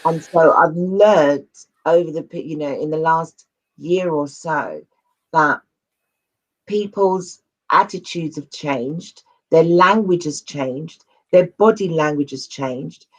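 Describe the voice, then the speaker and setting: A talk show host speaking casually and haltingly, restarting sentences often. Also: mid-range voice, rough recording. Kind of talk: casual interview chat.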